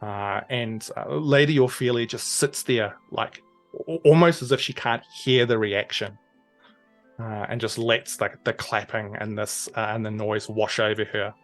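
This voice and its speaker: A man's voice: fairly low pitch, steady tone, measured pace, fairly bright tone, faint music behind. A man working as game master, narrating a tabletop game scene in a loose, descriptive way with many ums and uhs.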